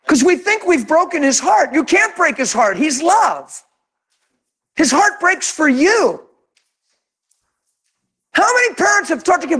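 A man preaching a sermon as pastor, animated and conversational, often laughing and acting out quotes. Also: very high voice, measured pace, long pauses.

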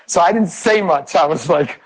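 A man's voice: a little high, moderate pace, poor audio. A middle-aged man from Pennsylvania giving a conversational sermon full of stories. He speaks emphatically and fires off rhetorical questions that he answers himself. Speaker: preacher.

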